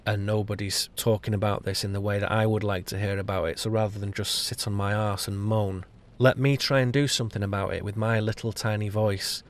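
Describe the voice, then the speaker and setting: A man's voice: on the low side, fairly even intonation, fairly quick. A man giving an improvised spoken-word essay on his podcast, emphatic and sardonic, hammering out lists word by word. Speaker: podcast host and author. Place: on location.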